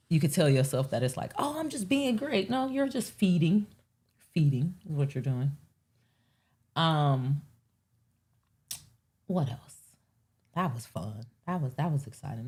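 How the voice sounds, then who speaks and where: A woman hosting a live show, chatting casually and profanely to her chat while fumbling with her setup. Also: low-pitched. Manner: rambling, profane, talks to chat.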